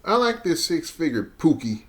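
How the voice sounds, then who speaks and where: A man's voice: a little high, very animated, moderate pace. A man hosting a podcast, cutting in with teasing remarks about the caller. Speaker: podcast host. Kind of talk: casual podcast commentary.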